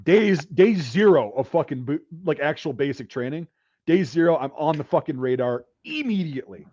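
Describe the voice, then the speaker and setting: A man hosting a casual talk, telling a profane story and acting out drill sergeants' shouts. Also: fairly high pitch, expressive, moderate pace, muffled recording. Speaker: podcast host.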